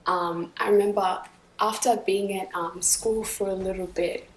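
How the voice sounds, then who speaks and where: A woman's voice: mid-range voice, unhurried. Woman telling a story. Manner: earnest, animated, acts out other voices. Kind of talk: personal storytelling. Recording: echoey room, distant from the mic, faint noise.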